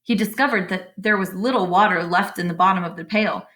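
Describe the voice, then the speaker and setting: A woman's voice: mid-range voice, brisk, bright, forceful tone. A woman reading a children's chapter book aloud with expression, stopping to explain the story to young listeners.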